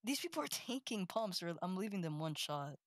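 A man's voice: high-pitched, big pitch swings, a little fast, no echo, studio quality. A man on voice chat during a game, complaining bluntly about the other team. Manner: frustrated, blunt trash talk. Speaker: teammate. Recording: voice chat under loud gunfire.

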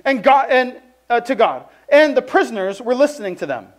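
A man with a strikingly high voice preaches in an easygoing, chatty way. He fills his sentences with "like" and tells stories with animation. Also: normal speed. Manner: conversational, heavy use of "like", animated storytelling. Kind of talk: casual sermon with personal story.

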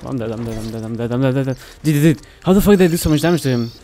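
A young man giving casual gameplay commentary, swearing constantly and reacting loudly to what happens on screen. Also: medium pitch, very fast, a little hiss or hum.

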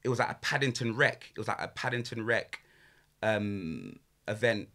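A man's voice: on the low side, expressive, moderate pace, pushed and bright. A young man, a podcast guest chatting casually in slang and laughing often. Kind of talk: casual chat.

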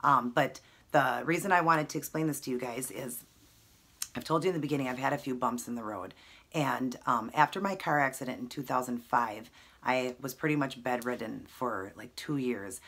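A woman in her thirties speaks straight to her camera at home, earnest and close to tears, with plenty of ums. Her voice sits very low and sounds husky. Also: moderate pace, fairly bright tone. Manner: emotional, earnest, many fillers. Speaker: vlogger. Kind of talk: personal talk to camera.

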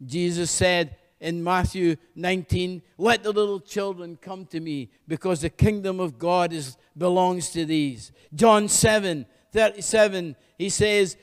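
High voiced pastor guy preaching, fervent, lots of hallelujahs, echoey hall. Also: a little slow, few pauses, clean tone. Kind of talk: sermon.

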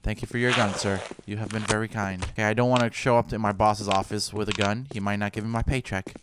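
A man giving profane, excitable commentary on a game he is playing, often breaking into loud laughter. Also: on the low side, quick pace, background noise. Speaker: gaming video host. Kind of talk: let's play commentary. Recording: game sounds clearly behind the voice.

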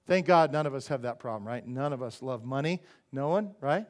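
A man's voice: mid-range voice, expressive, brisk, darkish tone. A man preaching a sermon as pastor, emphatic, asking the congregation questions and acting out the people in the Bible passage.

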